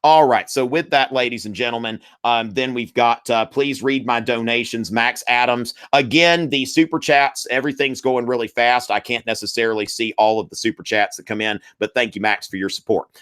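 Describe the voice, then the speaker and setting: A man's voice: medium pitch, steady tone, moderate pace, hardly any pauses, fairly bright tone, clean tone. A man runs a live-streamed history review, talking straight to his viewers in a loose, chatty way. He fills his sentences with ums and uhs and keeps calling his audience y'all. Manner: chatty, filler-heavy, addresses viewers as y'all.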